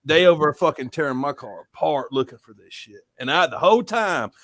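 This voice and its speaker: A man's voice: a little high, animated, brisk, over a noisy crowd. A young adult man telling a story in casual, profane podcast chat. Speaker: podcast host.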